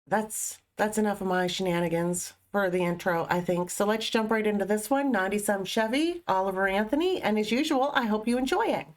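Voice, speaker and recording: A woman's voice: mid-range voice, brisk, few pauses. A young woman, chatting casually as she hosts a music reaction video, rambling a little and amused at her own asides.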